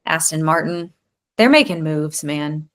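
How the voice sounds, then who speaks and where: A woman's voice: sits low, measured pace. A woman co-hosting a podcast in casual chat, enthusiastically listing things one after another. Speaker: podcast co-host.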